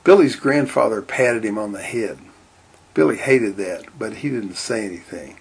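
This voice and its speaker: A man reading a storybook aloud in a steady, deadpan way. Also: on the low side, moderate pace, vocal fry, breathy edge. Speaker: narrator.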